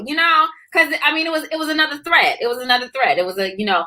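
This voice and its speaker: A woman co-hosting a casual chat, telling a personal story in a lively way, full of fillers and acted-out voices. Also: high voice, quick pace, poor audio. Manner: animated, acts out voices, many fillers. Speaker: co-author and co-host.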